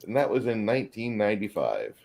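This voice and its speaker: A man's voice: fairly low pitch, sing-song, quick pace, creaky, a little mellow, slight background noise. A man hosting a casual movie chat online, joking and bantering with his viewers. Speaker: host.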